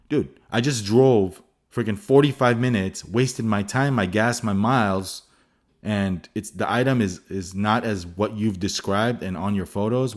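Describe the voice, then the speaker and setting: A man's voice: lowish voice, a little slow. A man hosting a photography vlog, telling stories casually and animatedly with exasperation and restarts. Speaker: photography channel host.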